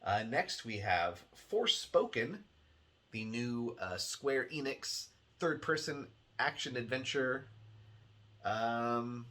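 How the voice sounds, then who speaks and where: A man's voice: mid-range voice, lively intonation, takes it slowly, sharp tone. A man hosting a weekly video game release show, chatting casually in a sardonic way, swearing freely and laughing often. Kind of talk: casual rambling commentary.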